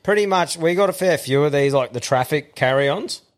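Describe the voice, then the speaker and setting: A man's voice: fairly high pitch, moderate pace. A man with an Australian accent co-hosting a casual podcast, blunt and full of swearing. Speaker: podcast co-host. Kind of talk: casual chat.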